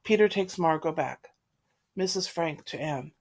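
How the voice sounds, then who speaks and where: A woman reading a play aloud, steadily and clearly reading out its stage directions. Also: low-pitched, measured pace. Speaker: reader.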